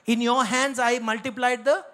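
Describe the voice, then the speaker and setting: A man voicing Jesus as a stern teacher who scolds his disciples, in a higher voice than his own. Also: fairly even intonation, moderate pace, pushed and bright. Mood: scolding. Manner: scolding, exasperated.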